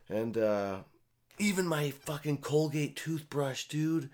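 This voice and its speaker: Brief: young guy, mid-pitched, loose and profane, rambling casual storyteller. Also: normal speed. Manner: profane, rambling, animated retelling.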